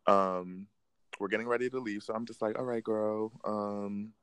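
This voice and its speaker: A young man with a lowish voice tells a story in a loose, slangy way and keeps cracking himself up. His voice is very dry and close, with no room sound at all. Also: moderate pace, smooth, no echo. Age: young adult. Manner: animated, laughing, slangy storytelling. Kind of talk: casual storytime chat.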